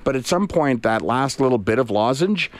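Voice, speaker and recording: A man's voice: mid-range voice, animated, normal speed, no echo. Rambling man in his fifties. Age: 50s. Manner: rambling storyteller, self-deprecating asides. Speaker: radio show host. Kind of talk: casual on-air chat. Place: radio studio. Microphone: studio mic with headset.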